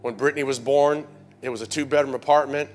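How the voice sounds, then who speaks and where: A middle-aged man preaching a sermon as pastor in a church, calling out to the congregation and rising from low confiding tones to loud shouts. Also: steady tone, fast talker, soft background music. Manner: call-and-response preaching, surging to shouts.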